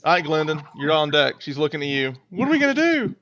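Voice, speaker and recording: A man's voice: a little high, sing-song, quick pace, fairly bright tone. A man running a tabletop game as game master, talking casually with many fillers and repeated words. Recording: dull lo-fi audio, dry.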